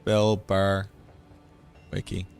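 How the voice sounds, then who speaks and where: Low-voiced man with a Boston accent. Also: monotone, extremely slow, gravelly, darkish tone, faint music behind. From North Shore of Boston, USA. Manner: rambling, chatty, lots of "like". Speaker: game streamer. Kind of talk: casual stream chat.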